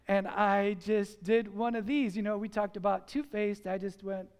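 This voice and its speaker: Middle-aged guy preaching, really high voice, gets loud on the big points then goes soft for the side comments. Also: fairly even intonation, moderate pace, hardly any pauses, clear, resonant tone, big-room sound. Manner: storytelling preacher, rises to emphatic peaks and drops to quiet asides. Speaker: pastor. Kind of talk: sermon.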